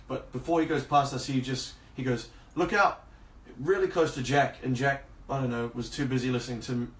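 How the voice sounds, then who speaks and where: A man co-hosting a podcast, chatting casually and rambling through stories with plenty of swearing. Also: mid-range voice. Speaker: podcast co-host. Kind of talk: casual chat. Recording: roomy, distant from the mic, faint noise.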